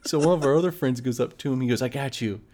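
A man's voice: mid-range voice, very fast, mellow. A young man spins a story in easy, casual chat. He laughs often as he goes and briefly acts out his friends' voices along the way.

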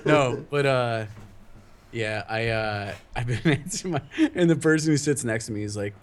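A male podcast co-host chatting casually at a medium pitch. He rambles through fillers and breaks into laughter often. The talk is loose and unscripted. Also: a little slow, a little hiss or hum. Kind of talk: casual chat.

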